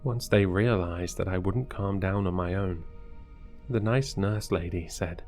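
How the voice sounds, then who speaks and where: Slow, low-voiced male horror narrator. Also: a little mellow, faint music behind. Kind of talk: scripted first-person horror narration.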